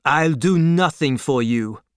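A grim, guarded wine-shop keeper answers in hushed, clipped lines, as a male narrator puts him on. The voice drops lower and softer than the narration and stays dry and close. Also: lively intonation, slow, clean tone, no room sound. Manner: low, quiet, curt delivery.

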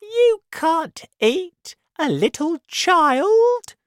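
A woman voicing a cheeky monkey in a children's story, with a high, squeaky voice. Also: huge pitch swings, drawn-out words, fairly bright tone, no echo, studio quality, heavily acted. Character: cheeky quick male monkey in a tree.

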